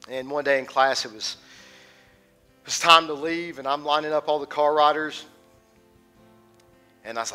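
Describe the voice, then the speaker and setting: A man in his thirties preaching a sermon as a teaching pastor, swinging from loud and passionate to hushed and intimate. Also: medium pitch, fairly even intonation, moderate pace, faint music behind.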